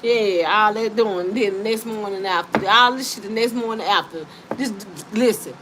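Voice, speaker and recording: A woman doing a casual live-stream card reading, talking to her viewers in an animated, teasing and profane way and breaking into frequent laughter. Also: mid-range voice, normal speed. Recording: steady background noise.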